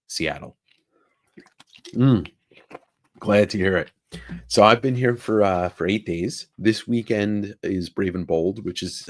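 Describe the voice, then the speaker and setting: Low-voiced man rambling on a live stream. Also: no echo. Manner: rambling, jokey, greets chat by name. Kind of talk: casual live-stream chat. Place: tiny indoor room. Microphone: own travel microphone.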